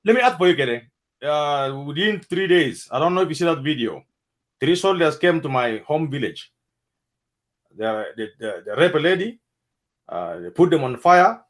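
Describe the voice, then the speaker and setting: A man's voice: on the high side, animated, normal speed. A man with a South Sudanese accent hosting a heated debate, talking with passion and repeating himself for emphasis.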